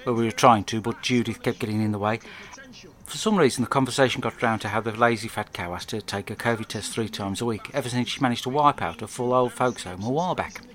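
A man with an English accent telling a crude comic diary monologue, rambling and deadpan. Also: mid-range voice, fast talker. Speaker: podcast host.

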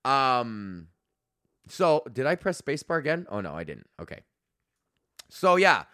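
Rambling, profane man with a bright voice. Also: medium pitch, sing-song, measured pace, no room sound, studio quality. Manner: profane, rambling storytelling with lots of fillers. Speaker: podcast host and comedian. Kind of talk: solo rambling monologue.

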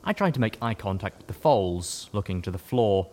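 Low-voiced man narrating a story. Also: moderate pace. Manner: steady storytelling. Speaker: audiobook narrator. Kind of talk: first-person audiobook narration.

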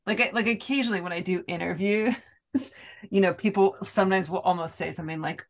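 Creaky-voiced American woman, laughing guest. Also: mid-range voice, steady tone. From United States. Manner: self-deprecating, laughs often, halting restarts. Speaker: author guest. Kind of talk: casual interview chat.

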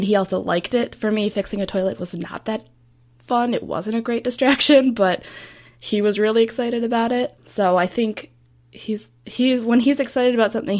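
A woman's voice: a little high, darkish tone. A young woman recalling memories of her grandfather in a casual, chatty way with many fillers. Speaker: interviewee, grandchild. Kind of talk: personal recollection.

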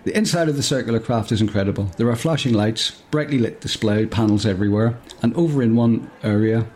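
A storyteller and podcast host reads a comic story aloud, his lowish voice quick and a little mellow. He keeps stopping to crack jokes, laugh, and wander off on tangents.

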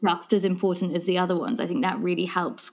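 A woman's voice: fairly low pitch, quick pace, gravelly. Woman podcast host on a tinny line. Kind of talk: podcast interview.

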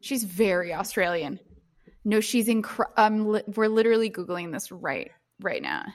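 A young woman co-hosting a podcast in casual chat, rambling and quick to laugh. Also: medium pitch, very animated, a crowd in the background. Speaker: podcast co-host.

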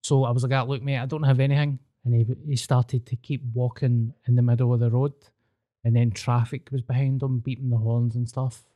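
Mellow-voiced Scottish man telling stories. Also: mid-range voice, level tone, brisk. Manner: sweary, storytelling. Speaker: podcast host. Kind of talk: casual chat.

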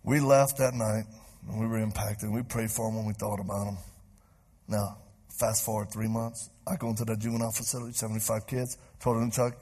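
A man preaching to a live congregation, telling a story with lively acted-out voices. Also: lowish voice, brisk, slightly rough. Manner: animated, acts out voices in stories. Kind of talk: sermon storytelling. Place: church stage before a live crowd.

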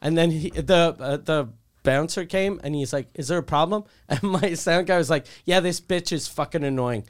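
A man's voice: on the high side, moderate pace. A man co-hosting a comedy podcast, telling crude stories in casual chat and acting out the people in them. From Quebec, Canada. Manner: crude storytelling, acts out the people in his stories. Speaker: podcast co-host.

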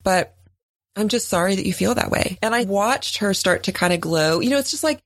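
A woman in her forties tells a personal story on a chat podcast. She talks in an easy, animated way and leaps much higher when she acts out what others said. Her voice is recorded close and dry, with no room sound. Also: fairly quick, dry recording. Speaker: podcast co-host. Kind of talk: casual chat.

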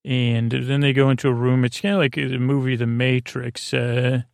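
A man recapping a show as a drowsy bedtime story, his gravelly voice staying flat and level with hardly any rise or fall. He stops and starts, filling gaps with pauses, and the dry, close sound carries no room echo. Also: medium pitch. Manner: halting, with frequent filler pauses. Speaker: podcast host. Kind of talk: rambling sleep-story episode recap.

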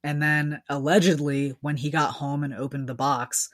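Woman with a low voice, relaxed casual co-host who laughs often. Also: normal speed. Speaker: podcast co-host. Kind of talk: casual chat.

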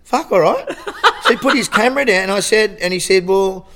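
A middle-aged Australian man telling a casual anecdote with lively acted-out quotes and frequent restarts. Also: sits high, fast. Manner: animated storytelling, acts out quotes, frequent restarts. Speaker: guest storyteller.

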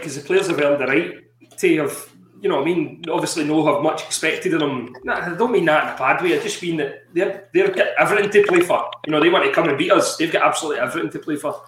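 Scottish male host, relaxed chat, echoey room sound. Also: on the high side, slight background noise. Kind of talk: casual football chat.

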